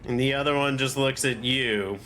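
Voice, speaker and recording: A man narrating as game master of a tabletop game, talking slowly with plenty of fillers. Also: medium pitch, bright, forceful tone. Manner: slow, drawn-out narration with fillers.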